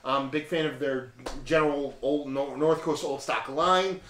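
A man's voice: a little high, fairly even intonation, moderate pace, a bit bright, a little hiss or hum. A man hosting a casual beer review, rambling and joking with a sarcastic streak. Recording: echoey room.

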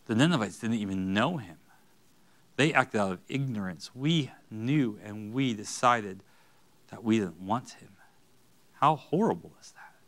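A man's voice: medium pitch, a bit bright. A man preaching an earnest sermon in a church, rising to emphatic bursts. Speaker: pastor.

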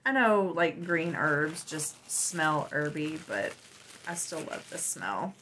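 Slow-talking woman gushing over gifts. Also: low voice, very animated, a little hiss or hum, poor audio. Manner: warm, gushing, unhurried. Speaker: vlogger. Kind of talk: casual unboxing chat.

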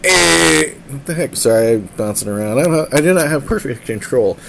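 A man's voice: mid-range voice, lively intonation, fast talker, noisy background. A man streaming from a tablet, a musician who rambles casually, jokes around and keeps slipping into silly voices. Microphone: tablet mic.

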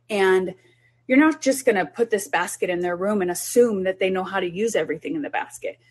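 A woman's voice: medium pitch, lively intonation, moderate pace, a little mellow, breathy edge. A woman who is a child development specialist, talking parents through a group session in an earnest, instructive way.

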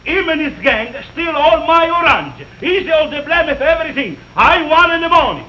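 A hot-headed street fruit vendor, sputters his grievances in broken English. His high voice leaps up and down and sounds bright and sharp. The recording is dull and muffled, as on an early sound film. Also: big pitch swings, moderate pace, full character voice. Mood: agitated. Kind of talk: 1930s film acting.

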